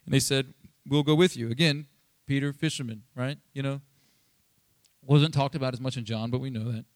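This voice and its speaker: A pastor giving a casual, conversational sermon, chatty and animated, acting out Bible scenes in quick asides. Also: male voice, mid-range voice, dry recording, studio quality. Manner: chatty, animated, acts out Bible quotes, many fillers.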